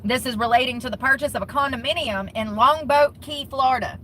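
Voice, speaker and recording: A woman's voice: high-pitched, a little fast, bright, forceful tone, slight background noise, low-quality recording. A woman giving casual commentary on the news in a blunt, profane, mocking way. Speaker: commentary vlogger.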